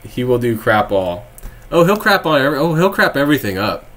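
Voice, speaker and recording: Young male streamer from Texas, mid-pitched, loose rambling delivery, quick to laugh and throw sarcasm at chat. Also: very animated, a bit bright. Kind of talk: casual live-stream chat reading viewer comments.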